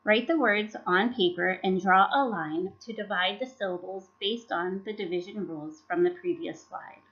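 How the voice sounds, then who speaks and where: Her mid-range, slightly bright voice moves at a moderate pace as she reads scripted instructional narration over slides. It's a teacher's professional development presentation, carefully sounding out syllables and words, recorded in dull lo-fi.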